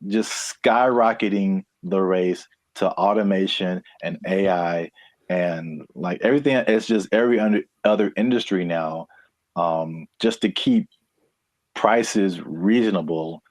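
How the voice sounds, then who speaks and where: Brief: young male co-host, low-pitched, casual and rambling, dry close sound. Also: a little slow, dry recording. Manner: relaxed, rambling, frequent "uh"s. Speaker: podcast co-host. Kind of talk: casual chat.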